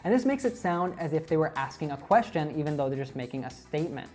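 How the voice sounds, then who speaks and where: A woman narrating a scripted lesson on American accents in a clear, upbeat, explanatory way. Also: low voice, expressive, fast talker, darkish tone, faint music behind. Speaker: accent teacher.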